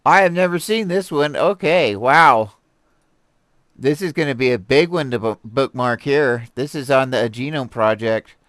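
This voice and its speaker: A man hosting a stream and reading articles aloud, rambling and animated, with many fillers, restarts and laughs. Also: mid-range voice, measured pace, dry recording, studio quality. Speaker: host reviewing articles. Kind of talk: casual commentary on a live stream. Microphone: desk mic with a stream deck.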